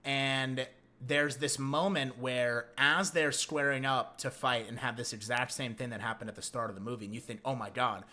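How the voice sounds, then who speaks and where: Bright-voiced, excitable man reviewing a film. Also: medium pitch, moderate pace. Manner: excitable, profane, animated retelling.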